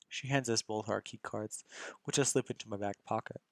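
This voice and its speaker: A man's voice: lowish voice, steady tone, brisk, hardly any pauses, no echo. A young man narrating a visual novel in first person, reading casually and often stumbling and restarting lines.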